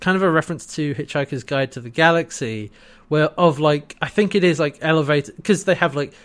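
A man's voice: fairly high pitch, fairly quick, a bit bright. Chatty, laughing man recapping a show. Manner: chatty, laughs often, acts out quotes. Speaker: podcast co-host. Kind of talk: casual chat recapping a TV episode.

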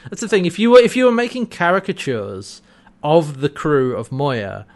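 A man's voice: fairly high pitch, animated, moderate pace. A young adult man co-hosting a casual podcast, retelling a TV episode and quoting its characters. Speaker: podcast co-host. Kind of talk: casual episode recap chat.

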